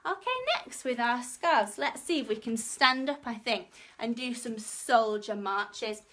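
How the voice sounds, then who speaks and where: A woman's voice: on the high side, unhurried. A woman with a Northern English accent leading a home workshop for toddlers and their families, singing nursery rhymes and calling out movement games in a coaxing, sing-song way. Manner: bright sing-song coaxing, gasps and cheers. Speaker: children's workshop leader. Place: home room, live stream. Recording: faint ukulele playing behind her.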